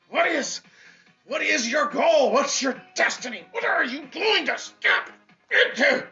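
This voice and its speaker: A man's voice: very high voice, expressive, a little slow, sharp tone. A man giving a fiery, preachy motivational speech as a fitness coach, hammering points home with repetition. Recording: dull lo-fi audio with faint music.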